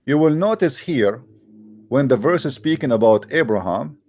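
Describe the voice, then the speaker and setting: With lively intonation and a darkish, middle-pitched voice at normal speed, this religious debate speaker gives a heated online talk, repeatedly pressing listeners with rhetorical questions. He calls his audience "guys," uses non-native grammar, and often restarts his sentences.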